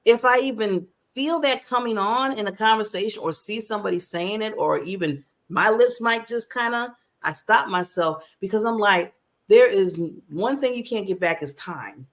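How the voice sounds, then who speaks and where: A woman's voice: medium pitch, normal speed. A woman in her fifties, a talk show host, chatting openly and laughing often with her guest. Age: 50s. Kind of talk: casual interview chat.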